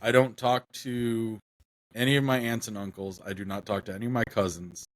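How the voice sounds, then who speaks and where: A man's voice: fairly low pitch, fairly even intonation, a little fast, no echo. Rambling young man on a dry mic. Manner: rambling, many fillers and restarts. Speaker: podcast co-host. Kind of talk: casual podcast chat.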